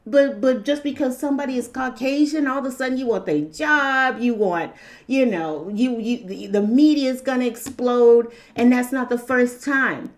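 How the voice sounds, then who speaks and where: Animated woman with a higher voice. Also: moderate pace. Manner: animated, repeats herself, acts out quotes. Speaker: vlogger. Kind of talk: casual opinion monologue.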